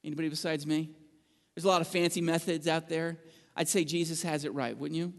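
A man's voice: a little high, fairly even intonation, brisk. A male pastor preaching a sermon and reading scripture aloud, earnest, with fillers and restarts. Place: church sanctuary. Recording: long reverb of a church hall.

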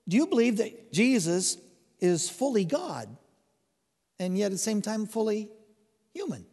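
Older man, pastor preaching, high animated voice, gravelly edge, long hall reverb. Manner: storytelling, building to fervent emphasis. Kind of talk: sermon.

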